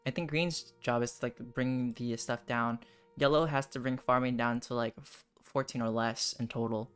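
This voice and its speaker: A man's voice: mid-range voice, steady tone, moderate pace, fairly bright tone, smooth, soft background music. A man hosting a game stream, chatting casually and reading game text aloud with frequent laughs and dry asides.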